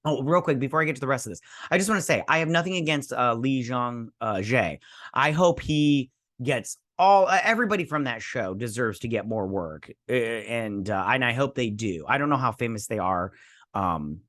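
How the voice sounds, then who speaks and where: A man's voice: medium pitch, animated, moderate pace, a bit bright. A man hosting a casual entertainment news roundup, reading articles and breaking off into rambling, opinionated asides. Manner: rambling, opinionated asides between read-out passages. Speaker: host.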